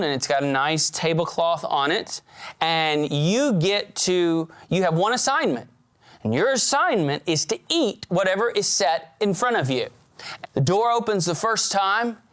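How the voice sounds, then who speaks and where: A man giving a motivational talk to students, telling stories in a lively way with big swings in pitch. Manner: animated storyteller who swings his pitch widely and acts out scenes. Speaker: speaker at a student leadership event.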